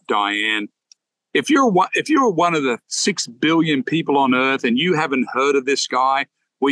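Bright-voiced male golf podcast co-host. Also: medium pitch, no echo, rough recording. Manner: storytelling, playful, self-interrupting. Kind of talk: casual chat.

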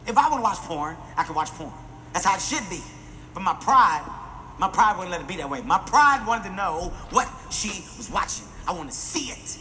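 A man doing animated, profane stand-up comedy storytelling and acting out the voices in his stories. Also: sits high, normal speed, a little hiss or hum.

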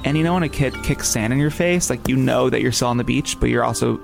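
A man calmly recounting his experience in measured talk, hedging with "um". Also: medium pitch, creaky, soft background music. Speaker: guest. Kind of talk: casual recounting.

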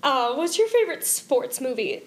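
A young adult woman co-hosting a podcast, chatting in an expressive, exclamatory way and swearing casually. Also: high-pitched, normal speed. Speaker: podcast co-host. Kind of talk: casual chat.

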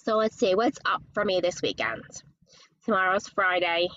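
A woman hosting her own podcast, chatting casually and rambling from topic to topic, gushing when she gets excited. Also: lowish voice, moderate pace, muffled recording. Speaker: podcast host. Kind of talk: casual solo chat.

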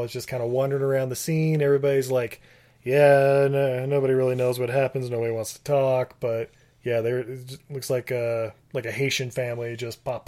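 A man's voice: mid-range voice, darkish tone. A man co-hosting a podcast, casually recapping a movie with rambling, filler-heavy talk. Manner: rambling, many fillers and restarts. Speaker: podcast co-host.

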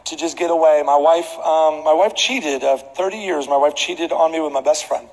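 A chatty middle-aged man on a plane, heartbroken underneath, as a preacher puts him on. He talks readily, then slows into halting, weighed-down phrases. The voice rings in a reverberant hall. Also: on the high side, a little mellow, slight background noise, lightly acted. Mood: despondent. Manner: talkative, then subdued and halting.

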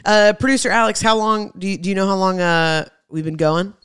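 A woman's voice: medium pitch, a little fast, a bit bright, clear, resonant tone. A young woman hosting her own podcast in a casual, emphatic monologue, speaking to her listeners as friends. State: pregnant. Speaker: podcast host.

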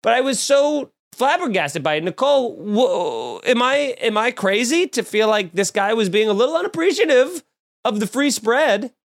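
A man's voice: very high voice, very animated, moderate pace. A man hosting a comedic podcast, telling rambling, self-mocking stories in casual chat. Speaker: podcast host.

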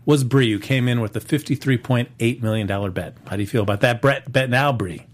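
A man's voice: medium pitch, brisk. Chatty male podcast host. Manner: chatty, many fillers and restarts. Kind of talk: casual live-stream movie talk.

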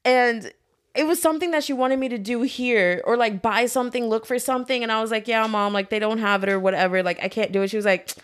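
A young woman telling stories in casual chat, blunt and profane, with an animated storyteller's delivery. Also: a little high, quick pace.

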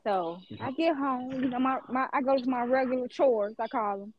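A woman with a high voice tells a story animatedly on a podcast, laughing as she goes and swearing freely. The recording sounds dull and lo-fi. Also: normal speed, slight background noise. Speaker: podcast co-host. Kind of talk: casual storytelling chat.

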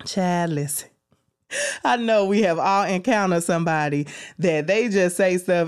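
A young adult woman hosting a faith-based self-care podcast, talking like an encouraging big sister with high, excited bursts. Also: normal speed. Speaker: podcast host.

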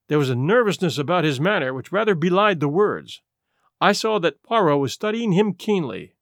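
A man narrating a classic detective story in the first person. His reading is animated and expressive, with a fairly high pitch for a man, and the recording is dry and close. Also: moderate pace, no room sound. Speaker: audiobook narrator.

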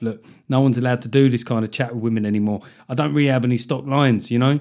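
A man hosting a comedy podcast, riffing jokily with quick asides. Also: mid-range voice, steady tone, darkish tone. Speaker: podcast host. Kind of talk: casual comic podcast chat.

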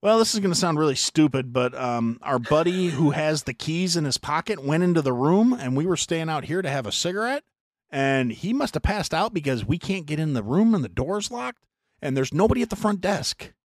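A middle-aged American man hosting a podcast, telling a long story in a profane, animated way with mock voices. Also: on the high side, a little fast, dry recording, clean studio sound. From United States. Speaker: podcast host. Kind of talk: casual storytelling chat.

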